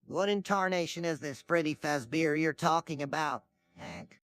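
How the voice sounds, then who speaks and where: A man's voice: on the high side, moderate pace, a bit bright, dry recording, natural voice. A synthetic man's voice playing a nervous, jittery middle-aged chain-smoking neighbor in a parody cartoon. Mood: plain.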